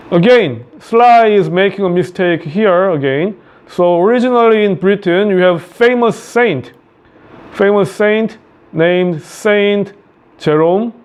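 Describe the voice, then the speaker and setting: Bright-voiced Korean teacher explaining a play. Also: male voice, high-pitched, slow pace, clean tone. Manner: paraphrases quotes in plain words, repeats phrases. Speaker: high school English teacher.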